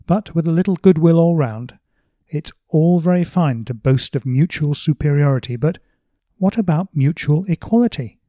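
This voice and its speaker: A man's voice: fairly high pitch, lively intonation, moderate pace, mellow, no room sound, muffled recording, voice pushed up, lightly acted. A man reading aloud as a mild, philosophical middle-aged everyman, earnest and reasoned, in a raised voice. He does not put on an accent for the character. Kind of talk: reading a novel passage aloud.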